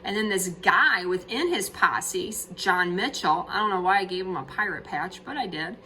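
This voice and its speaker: A chatty woman teacher walks through a casual video lesson, joking about her drawings and checking in with "okay?". Her voice is bright, with faint background noise. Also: mid-range voice, lively intonation, moderate pace, low-quality recording.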